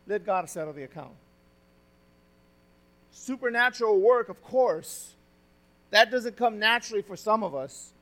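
A male pastor preaching a sermon, moving between loud, emphatic exhortation and quiet, confiding stretches, often asking the congregation questions. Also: sits high, animated, measured pace, pauses often. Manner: says "friends" and asks the congregation questions.

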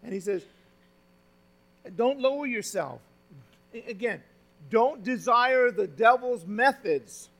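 A male pastor preaching a sermon, moving between loud, emphatic exhortation and quiet, confiding stretches, often asking the congregation questions. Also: very high-pitched, animated, slow pace, pauses often. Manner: says "friends" and asks the congregation questions.

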